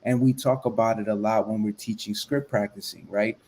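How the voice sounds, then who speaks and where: A man's voice: on the low side, steady tone, brisk, a crowd in the background. A man who coaches real estate agents, talking in a casual podcast chat and stressing his points with everyday examples. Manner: emphatic, explains points with examples.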